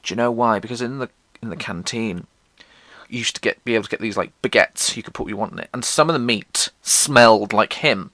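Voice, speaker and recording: A man's voice: lowish voice, fairly quick, bright, forceful tone, no room sound. A young man from England with a posh English accent, telling school stories in a sardonic, sweary, theatrical way. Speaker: vlogger. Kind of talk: casual storytelling monologue.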